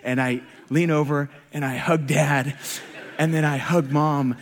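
A man with a fairly high voice tells a funny story from the pulpit, animated and quick to laugh at himself. His voice rings out with a long reverb across a large hall. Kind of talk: humorous personal story in a sermon.

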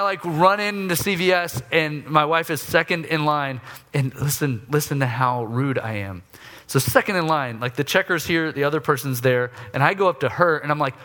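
Animated storytelling male preacher. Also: slight background noise. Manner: animated storytelling, acts out his own griping in raised voice; drops low and soft for confession. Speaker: pastor. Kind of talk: sermon with personal story.

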